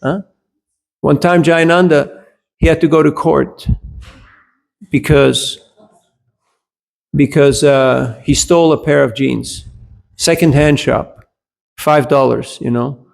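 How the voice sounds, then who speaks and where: Gravelly-voiced man giving a scripture class. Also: on the high side, steady tone, slow, long pauses. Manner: conversational, checks in with listeners with "huh?"; switches briefly into German. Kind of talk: lecture on scripture with anecdotes.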